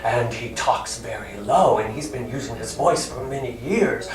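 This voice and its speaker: A man's voice: mid-range voice, normal speed, a crowd in the background. Male actor explaining, roomy distant sound. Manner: friendly, explanatory, with some hesitant fillers. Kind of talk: explaining his character work to children. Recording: roomy hall from a distance, faint music.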